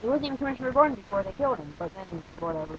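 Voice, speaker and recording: A man's voice: high-pitched, animated, very fast, highs cut off, slight background noise. A young man giving a casual, opinionated spoken movie review, rambling with frequent restarts and fillers.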